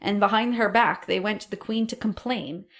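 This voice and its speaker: A woman co-hosting a podcast, telling a history story in a casual, animated way, acting out quotes and swearing now and then. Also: mid-range voice, moderate pace. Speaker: podcast co-host.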